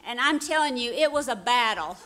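A mother telling a lively, laughing story to a church congregation. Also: a little high, brisk, slight background noise.

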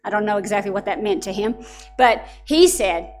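A woman's voice: mid-range voice, normal speed, faint music behind. A middle-aged woman preaching a sermon to parents, telling stories in an earnest, direct way.

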